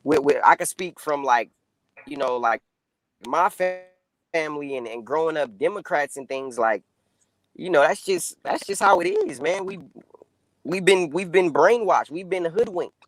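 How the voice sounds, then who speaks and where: A man with a slightly higher voice talks through a casual political discussion, rambling and loose, dropping "you know" and "man" as he goes. The sound is dry and close, with no room in it. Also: big pitch swings, moderate pace, vocal fry, no room sound, rough recording. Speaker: guest.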